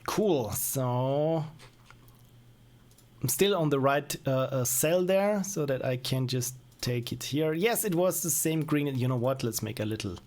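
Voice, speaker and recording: A man's voice: medium pitch, animated, a little slow, darkish tone. A young man streaming and reviewing small indie games, chatting casually with a rambling, self-mocking manner and frequent chuckles. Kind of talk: casual live-stream commentary.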